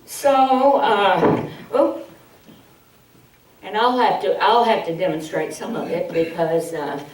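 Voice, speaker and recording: A woman presenting a public speaking workshop, slow, humorous and instructive, heard from a distance in an echoey hall. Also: mid-range voice, a little mellow. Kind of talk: public speaking training demo. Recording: distant mic in an echoey hall, faint hiss.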